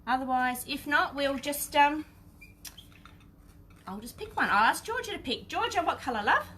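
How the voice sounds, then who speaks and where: An Australian woman leads a live painting lesson in a chatty, easygoing way, talking straight to her viewers. Her voice sits a little high for a woman, and a faint hum of room ambience runs underneath. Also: lively intonation, moderate pace, bright, forceful tone. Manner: chatty, talks to viewers while working. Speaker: craft teacher. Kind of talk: live-streamed painting demonstration.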